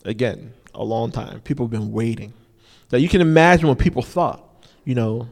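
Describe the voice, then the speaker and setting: A man's voice: medium pitch, normal speed, gravelly, hardly any pauses, darkish tone, slightly rough. A man preaching an informal sermon, repeating key phrases for emphasis and often saying "you know". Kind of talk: conversational sermon. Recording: long reverb of a large hall.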